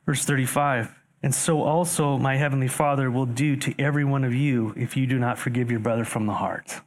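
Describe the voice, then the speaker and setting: Speaking a little fast in a mid-range voice, a pastor reads and explains scripture verses in his sermon. He addresses the congregation head-on, with rhetorical questions and animated rises to drive points home.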